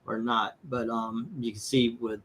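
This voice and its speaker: A man's voice: mid-range voice, flat delivery, a little slow, a bit bright, slight background noise. A man hosting a comic book channel, chatting casually as he reads off a long list of comic titles and issue numbers. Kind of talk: casual chat while unboxing auction comics.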